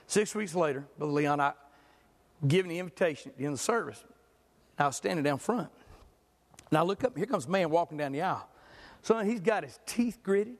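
A man's voice: a little high, fairly quick, pauses often, big-room sound. A man preaching a sermon in a church, telling stories and joking with the congregation. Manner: animated storytelling, jokes with the congregation.

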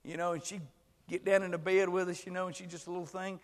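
Older man, preacher, high-pitched voice, impassioned sermon, hushed to shouting, long hall echo. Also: flat delivery, fast.

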